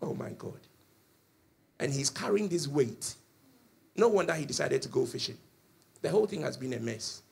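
A male pastor preaching a passionate sermon in church, swinging between loud and soft as he tells the story. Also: mid-range voice, animated, brisk, vocal fry, slightly rough. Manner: impassioned storytelling with swings in volume.

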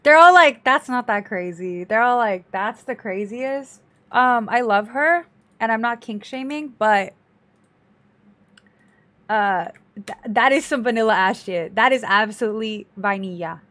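Slow-talking dramatic female streamer. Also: a little high, fairly bright tone. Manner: dramatic, exclaiming, talks to chat. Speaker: streamer reacting to a video. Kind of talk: casual reaction commentary.

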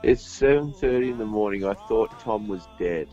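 A man's voice: on the low side, expressive, moderate pace, mellow, faint music behind. A man answers a phone call in a polite, flustered and dry way. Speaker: prank call target. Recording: muffled phone line.

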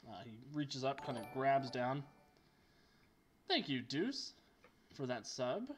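A man narrating as game master in a tabletop game, lively and joking. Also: medium pitch, slow. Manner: animated and joking.

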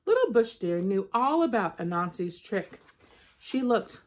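A woman reading a children's picture book aloud in an expressive storytelling manner. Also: medium pitch, unhurried. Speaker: storybook reader.

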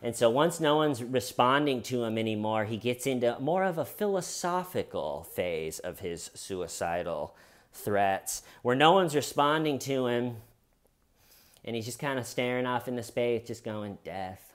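Animated man retelling a true crime story. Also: medium pitch, measured pace. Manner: animated, acts out every quote. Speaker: commentator. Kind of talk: comedic true crime commentary.

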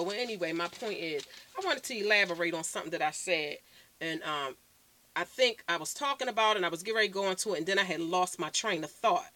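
A woman's voice: fairly low pitch, pushed and bright. A woman vlogger ranting bluntly and profanely to camera, recorded on her phone. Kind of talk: unscripted rant to camera.

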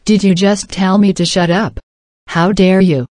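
A woman's voice: medium pitch, steady tone, unhurried, darkish tone, dry recording, lightly acted. A woman playing an entitled, pushy middle-aged woman who talks in an indignant, demanding, scolding way.

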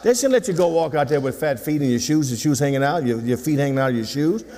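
Preaching fast and animatedly, a sixty-something pastor with a slightly high, dark-toned voice teases his congregation in a folksy way and calls for their responses. The sermon echoes with long hall reverb in the church sanctuary.

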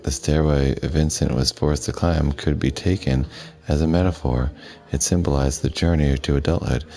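A man streaming a video game, reading the dialogue aloud in a flat voice and adding his own casual asides. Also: a bass voice. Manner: reads the subtitles aloud flatly, with asides.

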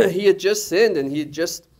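A male pastor preaching an animated sermon, full of jokes and rhetorical questions. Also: high-pitched, normal speed.

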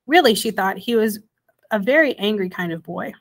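A woman narrating a children's storybook in a gentle, measured way. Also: medium pitch, lively intonation. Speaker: audiobook reader.

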